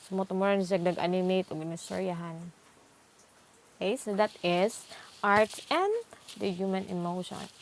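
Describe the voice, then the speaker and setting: A woman's voice: mid-range voice, steady tone, normal speed, long pauses, a little hiss or hum. A young woman teacher with a Cebuano accent, giving a casual lecture in a chatty way, with teasing asides as she switches between languages.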